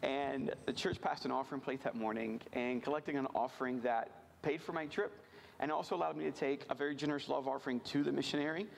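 A man from rural Virginia telling a personal story to a church audience, animated and self-deprecating, often asking the crowd questions. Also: medium pitch, quick pace, creaky, slight background noise. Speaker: missions speaker.

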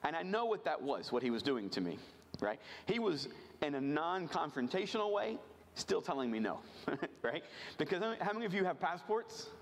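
A man from rural Virginia shares a self-deprecating story with a church crowd. His voice sits a touch high and carries a gravelly fry, and he keeps pulling the audience in with questions. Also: big pitch swings, brisk. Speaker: missions speaker.

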